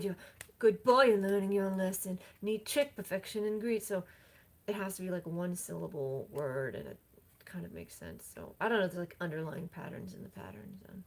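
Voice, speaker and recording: Soft-spoken woman thinking aloud. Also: on the low side. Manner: rambling, self-reminding, drops to soft near-whispers. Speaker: livestreaming songwriter. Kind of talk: casual thinking-aloud talk.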